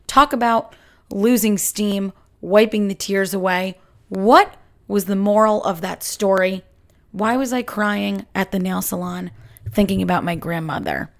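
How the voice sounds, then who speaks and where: A woman hosting a solo podcast, telling a story in a chatty, animated way with many fillers. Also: mid-range voice, measured pace. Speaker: podcast host.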